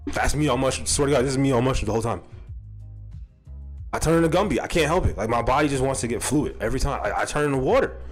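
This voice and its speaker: A young man telling a personal story to his viewers in a casual, profane way, laughing often and breaking into high-pitched quoted outbursts. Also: fast talker, soft background music. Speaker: streamer. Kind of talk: casual storytelling to a live chat.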